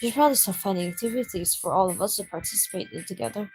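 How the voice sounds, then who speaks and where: A reserved, bookish teenage girl speaks in a hushed, measured voice, as a man reads her lines. Her tone sits somewhat high, with faint music playing underneath. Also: lightly acted, poor audio. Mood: soft. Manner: quiet, soft-spoken, measured. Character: shy bookish teen girl, soft and reserved.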